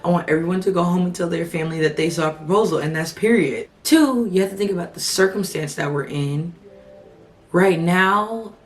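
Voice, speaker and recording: Young woman, 20s, chatty vlog storytelling, gushing, lowish voice. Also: brisk. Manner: chatty and gushing, with many fillers like "like" and "you know". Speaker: vlogger. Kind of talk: casual storytelling to camera.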